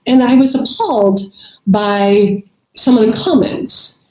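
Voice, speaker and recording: A woman's voice: mid-range voice, slow, a little mellow. A middle-aged woman, a podcast guest, chatting casually and rambling with many restarts. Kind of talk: casual conversation. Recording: echoey, dull remote audio.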